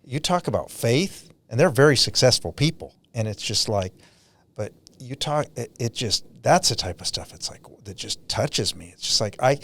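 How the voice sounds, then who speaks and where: Earnest, reflective male financial planner. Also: medium pitch. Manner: earnest, reflective, gently halting. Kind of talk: conversational interview.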